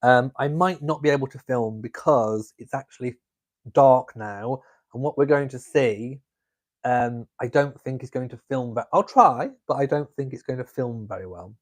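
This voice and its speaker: A man's voice: mid-range voice, normal speed. A man hosting a casual live stream from home, reading viewer comments aloud and chatting in a camp, playful way. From England. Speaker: vlog host reading live chat. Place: home, drinking coffee.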